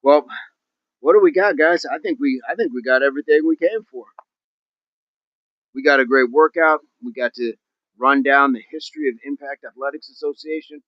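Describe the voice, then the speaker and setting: A man's voice: medium pitch, moderate pace, no room sound, muffled recording. A man hosting a fitness livestream, chatting to his viewers in an upbeat, rambling, jokey way. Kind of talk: casual livestream chat to viewers.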